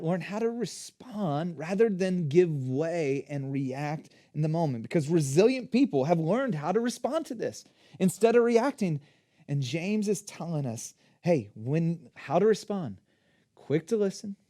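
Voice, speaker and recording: A man preaching a sermon as a pastor, in an energetic, conversational teaching manner. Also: on the high side.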